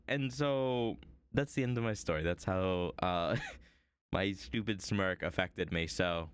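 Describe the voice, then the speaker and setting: A man's voice: sits low, a little slow, clean tone, no room sound. A young man streaming his art, rambling casually through a story with many fillers and self-deprecating asides.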